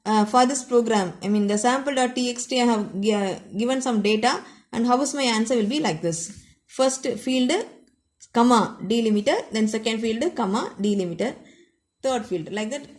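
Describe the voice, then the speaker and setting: A woman's voice: a little high, a little mellow. A woman teaching computer science in a classroom lecture style. She explains step by step, repeats points, and often closes each one with the same short phrase. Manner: repetitive, explanatory, keeps ending points with a set phrase.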